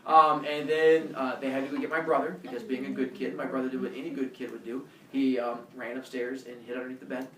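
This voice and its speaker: A male teacher telling a personal story to his class in a lively way, acting out scenes with shouts and voices. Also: mid-range voice, fast, hardly any pauses, slight background noise. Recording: echoey room, mic far off.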